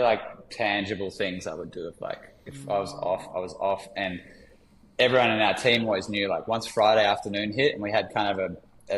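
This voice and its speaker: A man, a podcast guest telling stories in a candid, relaxed way with many fillers. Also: on the low side, echoey room, a little hiss or hum, rough recording. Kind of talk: reflective storytelling in conversation.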